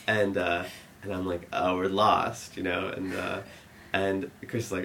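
A young man telling a rambling story to an audience, full of fillers, growing animated and laughing as it builds. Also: sits low, moderate pace, creaky, a little hiss or hum.

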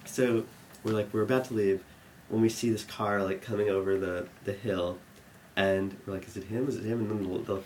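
A man's voice: on the low side, flat delivery, moderate pace, darkish tone, slight background noise. A young man telling a long funny story, rambling with many restarts and laughing at his own lines. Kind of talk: live storytelling.

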